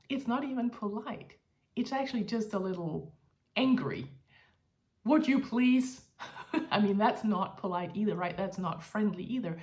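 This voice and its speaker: A woman's voice: medium pitch, a little mellow. Danish-accented woman teaching language. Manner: explanatory, friendly, laughs often. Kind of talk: online language lesson.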